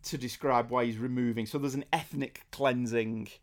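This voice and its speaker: Brief: man, mid-pitched, wry and animated podcast co-host in casual chat. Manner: wry, animated, quick asides and jokes. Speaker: comic book podcast co-host.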